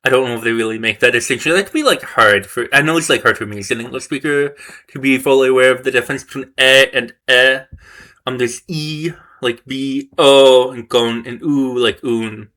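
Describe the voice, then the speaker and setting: Bright-voiced man thinking aloud. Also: mid-range voice, fairly quick. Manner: thinks aloud, reads course text and reacts. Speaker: language learner vlogger. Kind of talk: casual self-study commentary.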